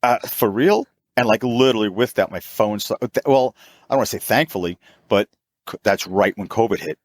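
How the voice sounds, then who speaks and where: Lively storyteller man, dry low voice. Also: fairly quick, no room sound. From New York. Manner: animated, acts out quoted voices in a higher pitch. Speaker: mobile auto technician, podcast guest. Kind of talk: casual storytelling.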